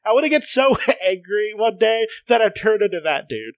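A man's voice: high voice, sing-song, normal speed, no echo. A man co-hosting a casual comics podcast. He reads passages aloud, laughs a lot and often restarts his sentences. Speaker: podcast co-host.

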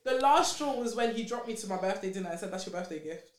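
A woman's voice: mid-range voice, quick pace, roomy sound. A young woman telling a story in casual chat, acting out quotes and often laughing. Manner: animated, laughing storyteller who acts out quotes.

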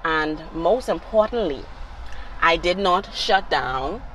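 Talking slowly with her adult son, the host, a middle-aged woman speaks reflectively in a casual conversation peppered with "you know." Her lowish voice is a bit bright and lively in intonation, captured on poor audio with some hiss or hum.

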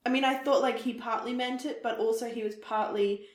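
A woman's voice: fairly high pitch, steady tone, fairly quick. Chatty woman recapping a film in a roomy space. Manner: chatty, laughs readily. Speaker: podcast co-host. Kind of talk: casual film discussion.

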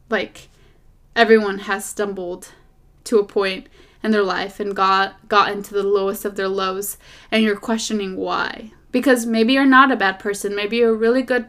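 A woman hosting a podcast, chatting casually about faith and dating in a rambling, animated way, recorded as a phone voice memo. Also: mid-range voice. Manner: rambling and animated, drifting off topic, lots of fillers. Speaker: podcast host.

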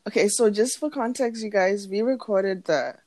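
A woman's voice: mid-range voice, moderate pace, darkish tone, no room sound. A young woman co-hosting a podcast in casual chat, rambling and laughing, with a sleepy morning voice. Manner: chatty, rambling, laughs often. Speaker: podcast co-host.

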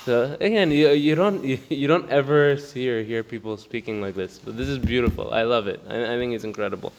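A man's voice: medium pitch, a little hiss or hum. Man teaching a Torah class in a reverberant room. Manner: reads quickly in Hebrew, then explains in English with laughs. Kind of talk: casual Torah class reading and explaining a text.

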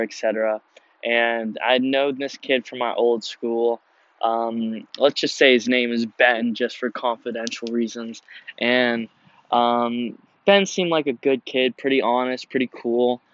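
A young man hosting his own podcast outdoors, telling a story casually in a relaxed, slangy way with lots of fillers and restarts. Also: mid-range voice, dry recording, dull audio. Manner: laid-back, slangy, many fillers and restarts. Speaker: podcast host. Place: outdoors in nature.

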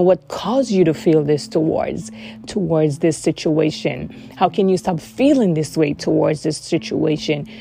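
Warm, low-voiced woman sharing earnestly. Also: creaky. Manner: earnest, repeats words for emphasis. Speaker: vlogger sharing personal experience. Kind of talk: heartfelt casual monologue.

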